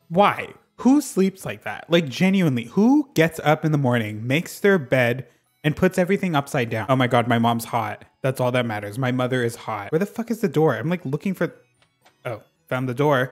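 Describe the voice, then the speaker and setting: A man hosting a let's play, reacting to the game in a sassy, excitable way and swearing freely into a desk microphone. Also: mid-range voice. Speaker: gaming channel host.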